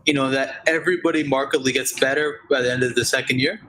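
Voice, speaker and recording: Guy on a video call w a bright voice, talks it through analytically, faint background hum. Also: medium pitch, steady tone, quick pace, poor audio. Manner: analytical, checks in with "right?" often. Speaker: video chat guest. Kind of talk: casual discussion.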